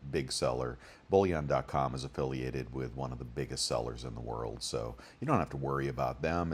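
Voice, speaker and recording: A man's voice: extremely low pitch, a little mellow. A man hosting a bullion deals channel, talking casually and rambling through prices with many fillers. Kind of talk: casual screen-share commentary.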